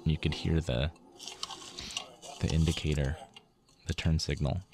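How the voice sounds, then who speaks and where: A man's voice: very deep voice, level tone, unhurried, noisy background. A man, a comedian, telling a personal story casually in an interview, acting out the other people's lines in his story.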